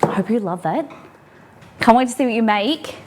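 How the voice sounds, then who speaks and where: A woman's voice: a little high, lively intonation, moderate pace, background noise. Chatty Australian woman cooking live. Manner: chatty, reads viewer comments aloud, talks to her dog. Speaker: cooking stream host. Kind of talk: casual live cooking chat. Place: home kitchen.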